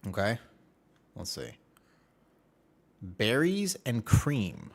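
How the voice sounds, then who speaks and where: A man in his twenties with a lowish voice that swings up and down a lot. He chats loosely with his stream viewers, rambling and joking as he plays. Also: sing-song, drawn-out words, creaky. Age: 20s. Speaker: game streamer. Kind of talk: casual live-stream chat.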